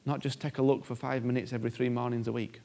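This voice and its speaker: A male preacher with a gravelly, creaky voice at an ordinary pitch. He preaches with emphasis, repeats key phrases and slips into acted-out prayers. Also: little pitch movement, fast talker, mellow. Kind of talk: sermon.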